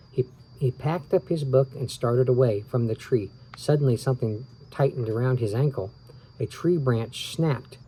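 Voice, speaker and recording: Tired, mellow-voiced man reading a children's book. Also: medium pitch, moderate pace, a little hiss or hum, rough recording. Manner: relaxed, stops for asides and rereads slips. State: tired, yawning. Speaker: reader of children's books. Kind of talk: casual children's book read-aloud.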